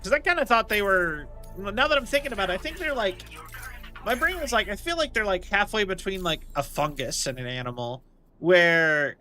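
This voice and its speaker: A man with a fairly high, very bright and sharp-edged voice rambles through casual gaming commentary. He thinks out loud and strings his thoughts together with plenty of filler words. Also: animated, brisk, faint music behind. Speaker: game streamer.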